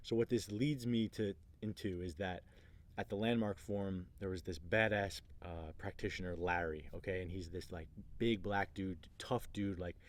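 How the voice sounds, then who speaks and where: A man co-hosting a casual conversation, telling an animated story with frequent restarts. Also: low-pitched, normal speed. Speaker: podcast co-host.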